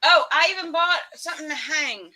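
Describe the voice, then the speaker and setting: A Texan woman hosts a live stream in a chatty, teasing way. Her voice is very bright and sits a little high for a woman. She keeps the talk moving and greets viewers by name. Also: fairly quick, poor audio. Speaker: livestream host. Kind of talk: casual live-stream chat.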